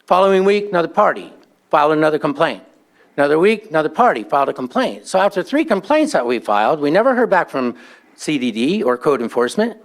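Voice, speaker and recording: High-voiced man airing a neighbor complaint. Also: sing-song, fast. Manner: aggrieved storytelling, acts out quoted exchanges. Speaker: neighbor giving public comment. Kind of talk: public comment at a meeting.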